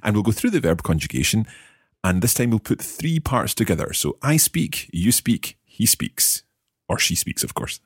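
A man's voice: on the low side, big pitch swings, normal speed, breathy edge, no room sound, studio quality. A British man hosting a podcast language lesson, guiding learners patiently with wry puns. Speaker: language course host.

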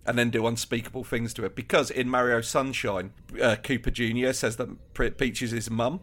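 Animated man theorising, laughing. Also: mid-range voice, fairly quick. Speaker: podcast co-host. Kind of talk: casual chat.

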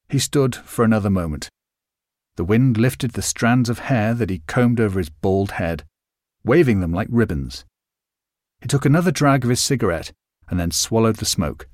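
Man reading a story aloud, lively sing-song delivery, dry close recording. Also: lowish voice, moderate pace, no room sound. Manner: vivid, expressive storytelling. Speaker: narrator. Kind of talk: scripted first-person story reading.

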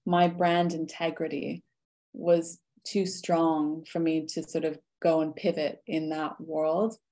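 A woman's voice: low voice, little pitch movement, takes it slowly, dark tone. A woman speaking as a guest on a podcast interview, talking earnestly and thoughtfully, laughing easily.

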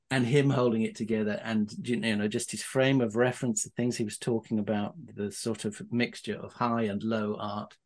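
A man's voice: on the low side, little pitch movement, normal speed, a little mellow. Middle-aged man spinning rambling anecdotes. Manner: rambling storyteller with many restarts, chuckling. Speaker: podcast guest. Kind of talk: casual anecdote telling.

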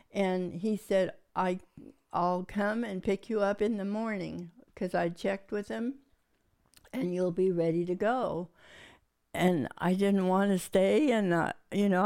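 An older woman with a medium-pitched, darkish voice and some vocal fry tells a personal story in an oral history interview, rambling and acting out what each person said. The recording is clean.

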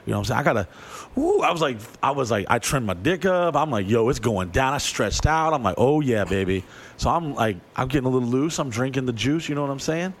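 A fast-talking man with a medium-pitched voice tells a crude, profane story on a podcast. He's animated, acting out the voices of the people in the tale.

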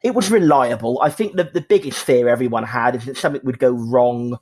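A man's voice: mid-range voice, a little fast, a little mellow, slightly rough. A man co-hosting a casual fan podcast, telling stories with an easy laugh. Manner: chatty storyteller, laughs easily. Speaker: podcast co-host. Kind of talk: casual chat.

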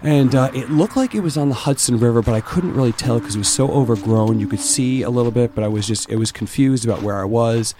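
A middle-aged man telling his own story in a casual interview, candid and animated, cursing freely. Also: medium pitch, quick pace, few pauses. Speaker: interview guest, distillery owner.

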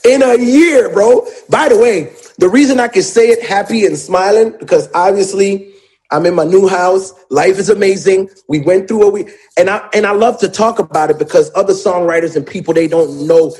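Animated, profane man telling a story. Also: high voice, moderate pace. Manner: animated, emotional storytelling full of profanity and slang. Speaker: songwriter. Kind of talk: casual storytelling in an interview.

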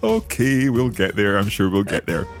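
Deep-voiced man learning phrases. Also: wildly swooping pitch, loud music behind the voice. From Scotland. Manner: curious, repeats phrases slowly and carefully. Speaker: learner host of a language lesson. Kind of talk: language lesson dialogue.

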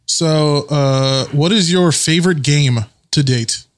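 A man's voice: fairly high pitch, slow. A man co-hosting a casual podcast chat, laughing often, swearing freely and sometimes searching for words. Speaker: podcast co-host.

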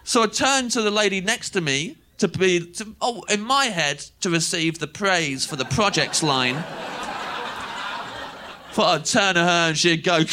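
A man's voice: sits high, a little slow. A young man from England with an English accent, telling a long self-mocking story on stage as a stand-up comedian. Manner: animated, self-mocking, laughing through lines.

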